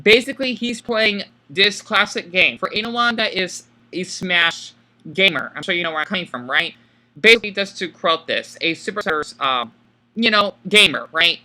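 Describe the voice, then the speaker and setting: Bright-voiced hesitant man, monotone delivery. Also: high voice, normal speed. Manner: self-described monotone, hesitant with many fillers. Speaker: video creator. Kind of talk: casual commentary on a film.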